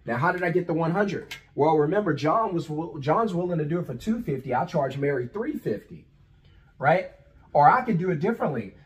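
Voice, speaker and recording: A man with a fairly high voice talks through a business lesson as a coach. His delivery is conversational and punchy. He fires off rhetorical questions and slips into acted-out phone calls with clients. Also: rough recording. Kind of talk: instructional talk.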